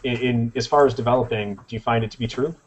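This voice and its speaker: A man's voice: mid-range voice, fairly even intonation, fast talker. A man hosting a podcast who asks questions in an easygoing, friendly way. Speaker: podcast host. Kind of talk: casual interview. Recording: dull lo-fi sound.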